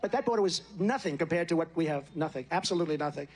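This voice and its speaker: A man delivers a campaign rally speech at a brisk clip. He rambles, boasts and circles back over the same points again and again, his voice sitting high for a man. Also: animated. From United States. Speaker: political candidate.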